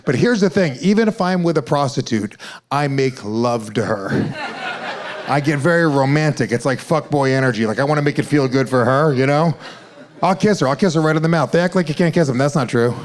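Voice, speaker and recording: A man's voice: medium pitch, animated, fairly quick. A man doing a brash, crude stand-up set with long stories, playing clips from a live club show. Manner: brash, crude storytelling to a laughing crowd. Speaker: stand-up comedian.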